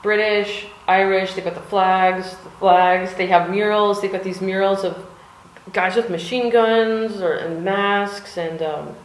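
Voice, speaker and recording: A woman's voice: medium pitch, steady tone, unhurried. Chatty american woman rambling on, lots of likes and ums, swears a bit, echoey studio room. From United States. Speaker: vlogger. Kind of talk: rambling casual chat. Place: cold home art studio.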